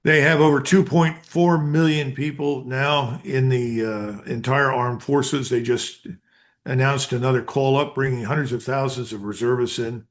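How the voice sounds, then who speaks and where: Older man, American, blunt, emphatic, interview guest, middle pitch. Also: fairly even intonation, measured pace. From United States. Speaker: guest, retired colonel. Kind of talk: interview commentary.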